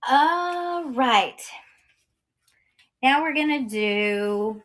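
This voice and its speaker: Slow-talking bright-voiced woman seller. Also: high voice, lively intonation. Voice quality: chatty and cheerful, many ums, laughs often. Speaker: online auction seller. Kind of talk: casual live-selling stream.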